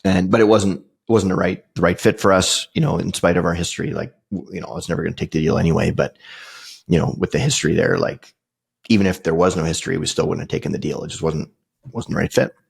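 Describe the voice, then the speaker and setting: A middle-aged man with a deep, gravelly voice tells a personal story on his podcast. His tone is husky and unpolished. He rambles loosely, piling up fillers and restarts as he goes. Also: steady tone, fast. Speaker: podcast host.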